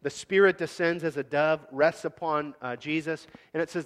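Animated preacher in an echoey hall. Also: male voice, fairly high pitch, moderate pace, few pauses. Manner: casual, animated, acts out scenes. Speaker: pastor. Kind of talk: sermon.

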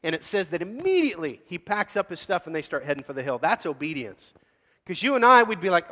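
A man preaching a sermon in a casual, animated way, acting out scenes. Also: a little high, fast, long reverb tail. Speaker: pastor.

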